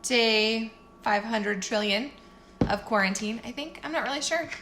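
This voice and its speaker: A woman's voice: fairly high pitch, measured pace, noisy background. A woman chatting candidly in a casual morning vlog as a fitness coach, self-deprecating and often laughing.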